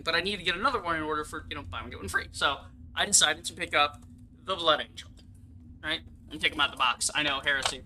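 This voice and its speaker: Bright sharp-sounding guy streaming, rambles and swears, faint hiss behind. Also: on the high side. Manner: rambling, chatty, swears a lot; enthusiastic about collectibles. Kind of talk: casual livestream chat.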